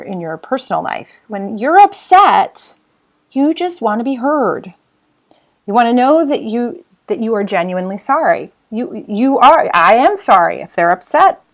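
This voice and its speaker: A woman giving a recorded customer service training lecture, emphatic, often repeating herself and acting out example phrases. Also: medium pitch.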